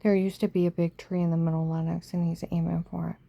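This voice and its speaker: A middle-aged woman recounts her own past in a casual, emotional storytelling voice. Her tone is low, gravelly and dark. She often sinks to a hushed near-whisper and checks in with her listener with "okay?". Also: level tone, fast.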